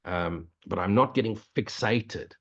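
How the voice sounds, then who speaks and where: Older man, spiritual teacher, earnest, preachy, blunt, low pitch, muffled recording. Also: measured pace. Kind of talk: spiritual Q&A monologue. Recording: dull lo-fi recording.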